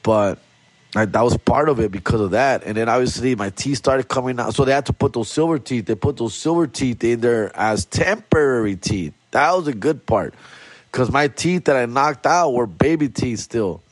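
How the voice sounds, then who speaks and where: A man's voice: medium pitch, animated, normal speed, dry recording. A man hosting a podcast, telling a story casually with street slang and Spanish phrases mixed in. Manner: slangy, mixes in Spanish phrases, repeats "fool" and "dog". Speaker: podcast host.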